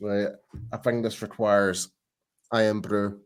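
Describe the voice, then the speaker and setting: A very tired man co-hosting a casual fan podcast, teasing his friends in animated banter. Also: fairly low pitch, slow pace, clear, resonant tone. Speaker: podcast co-host.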